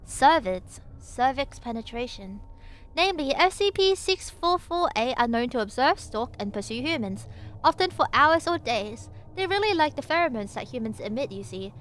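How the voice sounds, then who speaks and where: A woman's voice: sits high, very animated, normal speed, fairly bright tone. Giggly, playful woman streamer. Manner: playful, giggly, jokey asides; chats with viewers between passages. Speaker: VTuber streamer. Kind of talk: casual stream chat and reading aloud.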